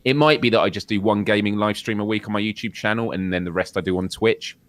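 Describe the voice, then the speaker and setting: British man with a low voice, chatty podcast co-host. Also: quick pace, fairly bright tone, no echo. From United Kingdom. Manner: jokey, laughs often, chatty. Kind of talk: casual chat.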